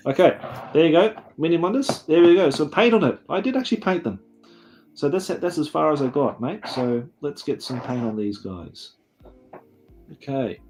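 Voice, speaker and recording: A man's voice: on the high side, expressive, moderate pace, darkish tone, faint music behind. A man with an Australian accent hosting a casual chat, jokey and laughing often. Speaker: podcast host.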